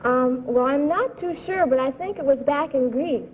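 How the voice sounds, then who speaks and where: A woman's voice: sits high, normal speed, slight background noise. A woman contestant on a 1950s TV game show, giving tentative short answers. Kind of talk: answering quiz questions. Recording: tinny 1950s TV broadcast.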